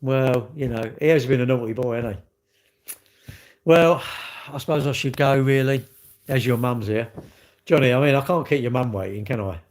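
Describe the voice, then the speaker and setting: A man's voice: medium pitch, normal speed, long pauses. A man hosting a live stream, chatting and joking with viewers in cheeky banter that jumps from topic to topic.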